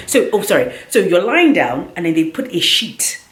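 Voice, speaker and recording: Chatty woman vlogger, low voice, roomy echo. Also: normal speed. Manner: animated, chatty, full of filler "like". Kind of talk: casual storytelling vlog.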